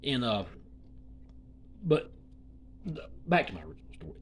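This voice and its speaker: A YouTuber, rambling through an indignant opinion commentary and swinging between loud and hushed talk. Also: medium pitch, sing-song, normal speed, slight background noise.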